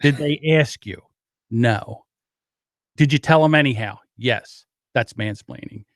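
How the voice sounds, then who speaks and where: A man's voice: medium pitch, unhurried, no echo, studio quality. A man talking as a podcast guest in casual chat, wry and plain-spoken. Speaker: podcast guest, audio editor.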